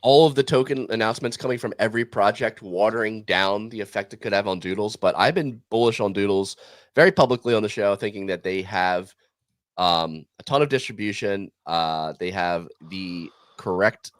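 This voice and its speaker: Low-voiced man hosting a casual podcast. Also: no room sound. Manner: upbeat, runs a prediction game with quick asides. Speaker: podcast host.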